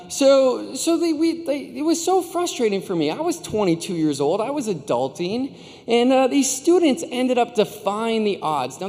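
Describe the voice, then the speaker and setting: A man's voice: high voice, darkish tone. A man in his thirties giving a commencement speech, telling stories and joking with the audience in a self-deprecating way. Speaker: commencement speaker. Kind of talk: storytelling speech to graduates. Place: large arena venue. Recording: hall reverb from a large arena.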